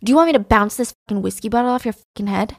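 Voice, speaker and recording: A woman acting out a drunk, jealous husband in a storytelling recap, loud and mocking one moment and menacing the next. Her voice is dry and close, with no room around it. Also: a little high, racing, vocal fry, no echo. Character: drunk, unhinged, jealous husband, male adult.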